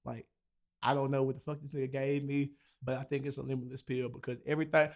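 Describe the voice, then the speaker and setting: A man's voice: mid-range voice, quick pace. A young man, telling a story to friends in casual chat, acting out the voices of people in it and swearing freely. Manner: animated, acts out quoted dialogue, swears freely.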